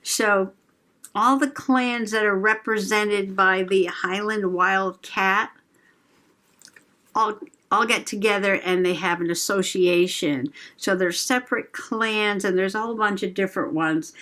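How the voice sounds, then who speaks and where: A woman's voice: medium pitch, steady tone, pushed and bright. A middle-aged woman from the United States hosting a journaling video, chatting casually and giggling as she crafts. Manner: chatty, giggly, slow and rambling. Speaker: journaling channel host.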